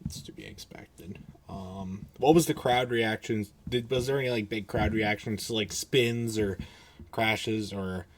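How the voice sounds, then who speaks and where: A man with a somewhat low voice hosts a laid-back podcast. He asks loose follow-up questions, teases his guest, and breaks into laughter readily. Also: a little slow. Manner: laughing, teasing interviewer. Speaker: podcast host. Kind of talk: casual podcast chat.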